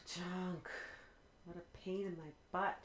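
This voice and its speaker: Woman game streamer, slightly low voice, grumbly muttering, echoey room with faint hiss. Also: level tone, slow pace. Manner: grumbling, exasperated muttering to herself. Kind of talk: casual live-stream talk.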